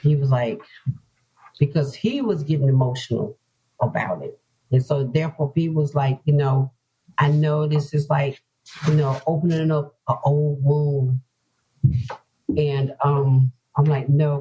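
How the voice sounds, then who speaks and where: A woman's voice: low voice, fairly even intonation, a little slow, mellow, husky. A woman author from North Carolina talking earnestly about her own hard journey in an interview, often repeating herself for emphasis. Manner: earnest, repetitive, heartfelt. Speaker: author guest. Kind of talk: emotional personal interview talk. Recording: dull lo-fi podcast audio.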